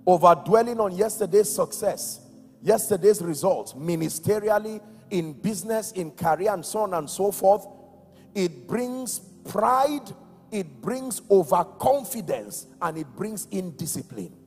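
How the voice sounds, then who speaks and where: A Nigerian man preaching a sermon with emphasis, going from shouted calls to quiet, low words and asking the congregation questions. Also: lively intonation, unhurried. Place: large church hall. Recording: echoey church hall with soft music.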